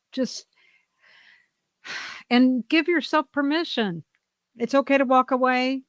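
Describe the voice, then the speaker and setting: A woman's voice: mid-range voice, no room sound. Middle-aged woman, podcast co-host; candid storyteller, dry recording. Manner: open, confessional storytelling with lively re-enacted quotes. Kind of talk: candid casual chat.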